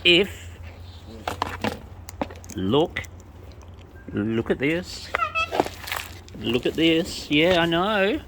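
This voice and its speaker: Woman, low-pitched, slow sing-song coaxing of birds, noisy outdoor recording. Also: big pitch swings. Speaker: bird feeder vlogger. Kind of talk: casual talk to wild birds. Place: outdoors among wild birds. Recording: outdoor noise with bird sounds.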